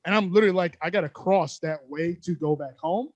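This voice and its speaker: Young male podcast co-host, quick and high-pitched, animated slangy storyteller, dry close sound. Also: no room sound, dull audio. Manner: animated, slangy, laughs often. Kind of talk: casual storytelling chat.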